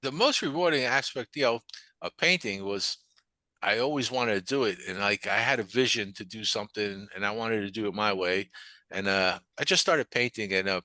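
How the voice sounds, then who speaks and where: A man's voice: on the low side, moderate pace, bright, forceful tone, no echo. A man, telling his story in a rambling, casual interview and acting out the people he quotes. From New York. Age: 60s. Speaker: painter and barbershop manager.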